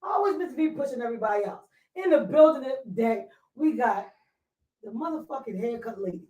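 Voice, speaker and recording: Brief: fairly high-voiced woman host, casual slangy chat, recorded from a distance in an echoey room. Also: a little fast. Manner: lively, slangy, talks straight to listeners. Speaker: podcast host. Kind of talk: casual talk show chat. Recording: roomy sound, mic far off.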